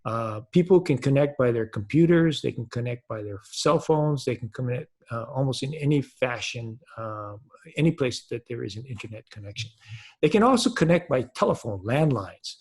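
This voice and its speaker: A man giving an earnest, explanatory webinar talk over a video call, pausing often to find his words. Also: medium pitch, expressive, darkish tone, husky. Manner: earnest and unhurried, with frequent hesitations. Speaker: webinar presenter.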